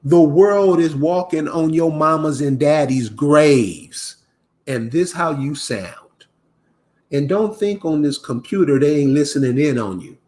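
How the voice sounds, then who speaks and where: A commentator rants casually to camera in a fairly high, mellow voice, speaking a little slowly. He sounds exasperated and preachy toward his viewers, often restarting his words.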